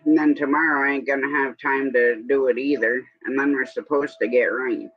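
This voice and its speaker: In dull, lo-fi stream audio, a livestream host drifts casually between everyday topics during an evening chat. His medium-pitched voice holds a steady tone and runs a little fast.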